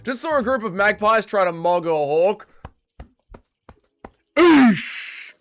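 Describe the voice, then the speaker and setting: Young man, Australian accent, casual livestream host, energetic slangy chatter, slightly high voice. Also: normal speed, clear, resonant tone. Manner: energetic and slangy, reads out chat names, calls everyone mate.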